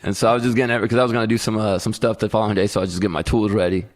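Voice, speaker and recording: A man co-hosting a podcast, telling a story in a casual, animated way and acting out what people said. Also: on the low side, very fast. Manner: animated storyteller who acts out quotes. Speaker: podcast co-host. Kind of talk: casual chat.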